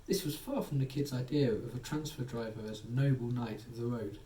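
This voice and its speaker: Man, bedtime story narrator, soothing, mellow tone, roomy distant sound. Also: mid-range voice, a little fast, slight background noise. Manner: soothing, gently voicing characters. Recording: echoey room, distant mic, faint ambience.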